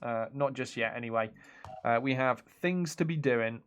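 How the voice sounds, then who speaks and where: Man streaming a game, casual chatty commentary, laughs often, mid-pitched voice, reads chat messages aloud. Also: moderate pace, clean tone. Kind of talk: casual let's-play commentary.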